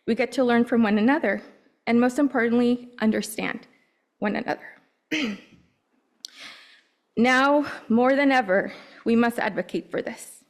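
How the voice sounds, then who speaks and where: A woman from Napa Valley, California, a parent giving a prepared public comment, earnest and clearing her throat often. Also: on the high side, measured pace, long pauses.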